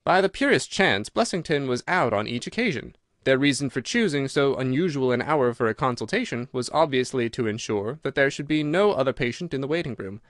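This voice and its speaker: A man voicing a sharp, assured detective who explains his reasoning in clipped, crisp sentences. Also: medium pitch, expressive, brisk, few pauses, dry recording, studio quality, natural voice. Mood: explaining. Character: sharp, cool male detective, brisk and assured.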